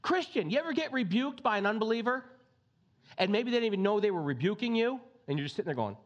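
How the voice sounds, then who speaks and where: A male pastor preaching a conversational sermon, reading scripture and breaking into lively asides. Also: extremely high pitch, highs cut off.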